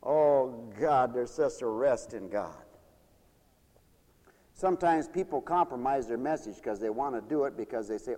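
A man's voice: mid-range voice, expressive, a little slow, warm tone, big-room sound. A man preaching a folksy sermon, acting out the people he quotes.

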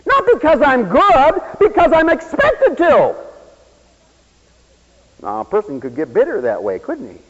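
This is a man preaching a sermon in a high, lively voice. He leaps between loud exclamations and quiet asides and acts out the people he quotes. The sound is a dull, lo-fi radio recording with long hall reverb. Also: a little slow, pauses often.

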